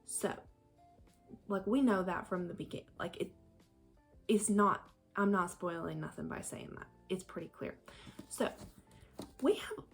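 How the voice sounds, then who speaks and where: Rambly lady book vlogger, kinda gravelly, mid pitch, says like a lot. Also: expressive, a little slow, pauses often, soft background music. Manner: chatty, rambling, lots of "like" and "um". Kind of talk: casual book review chat.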